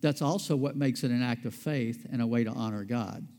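Speaking a little fast in a mid-range, dark voice, a male pastor delivers a conversational sermon, asking questions of his congregation and supplying the answers. The sound has the long reverb of a big hall.

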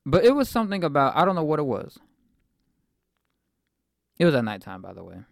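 Young male podcast host, mid-twenties, gravelly, dry close sound, rambling faith testimony. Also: a little high, huge pitch swings, brisk, dry recording. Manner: reflective, rambling with fillers.

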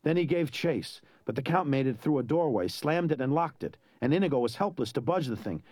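A man narrating a story in an expressive, dramatic way. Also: mid-range voice, a little fast, no room sound. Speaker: audiobook narrator.

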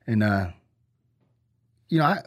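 A man's voice: fairly low pitch, lively intonation, slow. A middle-aged man, a former Army sergeant, telling stories in a casual interview, rambling with many fillers and restarts.

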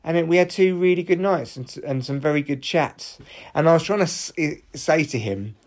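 With a slightly high voice and a moderate pace, a man who hosts his own comedy podcast rambles on solo, full of hyper energy, excited vocal jumps and false starts.

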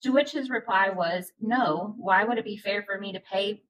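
A woman co-hosting a podcast, reading a forum post aloud in a steady, plain way. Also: mid-range voice, normal speed, a crowd in the background, rough recording. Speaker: podcast co-host.

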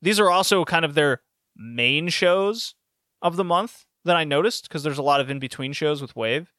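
Male host, casual chat, slightly high voice, quick to laugh, tangents. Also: dry recording, clean studio sound. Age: adult with a university degree. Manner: animated, laughs often, rambling asides. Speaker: podcast host reviewing wrestling shows.

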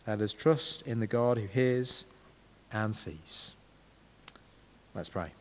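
A man's voice: fairly low pitch, takes it slowly, fairly bright tone, in a large hall. A man preaching a sermon in a conversational way, often asking his listeners rhetorical questions.

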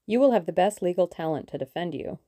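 A woman reading an audiobook, voicing a businesslike male German conspirator with a clear voice. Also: lowish voice, animated, fast talker, mellow, no room sound, clean studio sound, natural voice. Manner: crisp, matter-of-fact.

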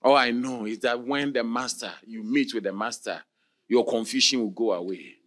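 A man preaching a passionate sermon, moving between quiet talk and shouted exclamations. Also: mid-range voice, normal speed.

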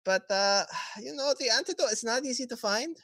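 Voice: medium pitch, lively intonation, moderate pace, a bit bright, no room sound, studio quality, voice pushed up. A game master voicing a smug, scheming male merchant who keeps saying "you know" and hates confrontation. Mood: smooth-talking. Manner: glib, wheedling, peppered with "you know".

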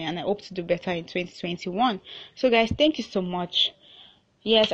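With the highs cut off, a young woman's fairly low voice comes through as she hosts her own easygoing podcast. She has a Nigerian accent and chats freely, with frequent restarts and laughter between thoughts.

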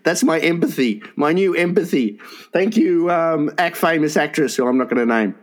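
Man trading crude banter, slightly high voice. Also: animated, normal speed. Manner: laughs often, teasing interjections. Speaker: podcast co-host.

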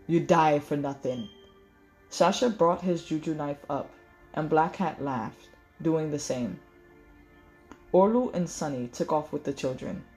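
A woman reading a novel aloud in measured storytelling, correcting small slips as she goes. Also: low-pitched, dark tone, soft background music. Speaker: audiobook reader.

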